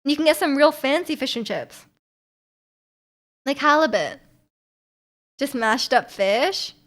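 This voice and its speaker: A woman's voice: high-pitched, expressive, unhurried. A woman, from Vancouver, chatting casually with her stream viewers in a rambling, giggly way full of fillers. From Vancouver, Canada.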